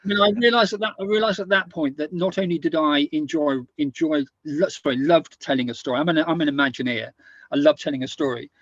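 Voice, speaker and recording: A middle-aged man from the United Kingdom, a podcast guest telling anecdotes in a halting way, often repeating and restarting words. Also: fairly high pitch, fairly even intonation, a bit bright, muffled recording. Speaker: guest, author and former army officer. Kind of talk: casual conversational storytelling.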